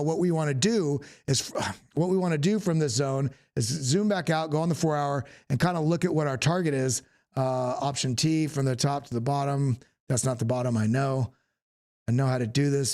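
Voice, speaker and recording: A man from the Southern United States hosts a live chart breakdown with a somewhat higher voice. He speaks casually and thinks out loud. His sentences often stop and restart as he points things out. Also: fairly even intonation, normal speed. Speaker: host. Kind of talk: live technical chart analysis.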